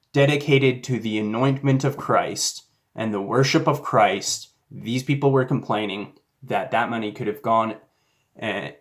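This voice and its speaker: A man's voice: on the low side, fairly bright tone. A man telling a personal faith story in a casual, rambling way, with fillers and restarts. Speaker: YouTuber.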